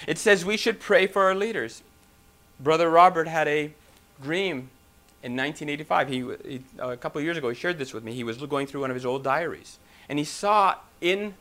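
Forceful, bright-voiced male preacher. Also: fairly high pitch. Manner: emphatic, asks rhetorical questions, some restarts. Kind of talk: sermon.

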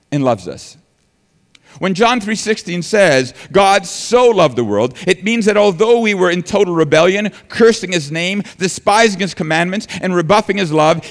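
A man's voice: a little high, in a large hall. A man preaching a sermon earnestly, building emphasis and sometimes restarting his words. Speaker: pastor.

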